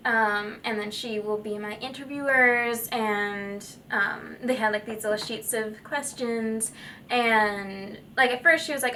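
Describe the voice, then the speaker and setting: A woman's voice: fairly high pitch, a little slow, bright, forceful tone, recorded from a distance, slight background noise. A young woman telling a story in a casual vlog, chatty and giggly with lots of fillers. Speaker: vlogger.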